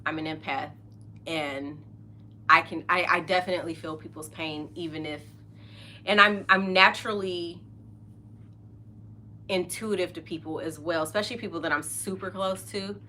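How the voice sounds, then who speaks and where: A woman's voice: lowish voice, fairly even intonation, moderate pace, long pauses, sharp tone, a little hiss or hum. A middle-aged woman hosting a podcast, chatting casually and openly, often laughing and trailing off mid-sentence. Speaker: podcast host. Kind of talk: casual chat.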